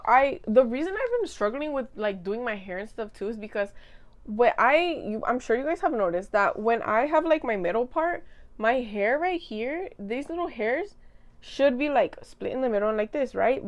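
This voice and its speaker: A woman's voice: on the high side, lively intonation, moderate pace. Rambling giggly young woman vlogger. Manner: rambling, giggly, self-mocking. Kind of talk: casual chat.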